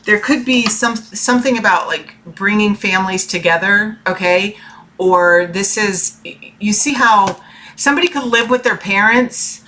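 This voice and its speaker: A woman's voice: medium pitch, a little slow, sharp tone. A woman giving a casual tarot reading from her room, talking in a rambling, chatty way and often checking in with "okay?". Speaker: tarot reader.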